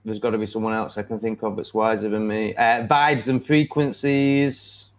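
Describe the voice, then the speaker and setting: This livestream host has an English accent and a lowish, level voice at normal speed. His casual talk rambles bluntly and confidently, full of fillers like um and like, over dull lo-fi audio.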